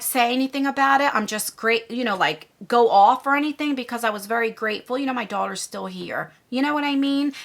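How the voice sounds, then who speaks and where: A woman's voice: fairly high pitch, bright, forceful tone. A woman in her forties telling a storytime vlog, rambling and indignant as she retells events. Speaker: YouTuber.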